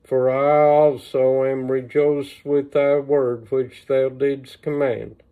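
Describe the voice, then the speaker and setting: A man reading the lines of a grieving old mother in a slow, measured lament, recorded on a phone. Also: medium pitch, flat delivery, smooth. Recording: tinny phone-line sound.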